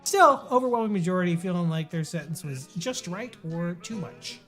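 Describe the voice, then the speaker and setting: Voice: medium pitch, expressive, moderate pace, fairly bright tone, soft background music. Game show host joking around, playful and theatrical, voice swings up and down a lot. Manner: playful, theatrical, lots of fillers. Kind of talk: comedic game show banter.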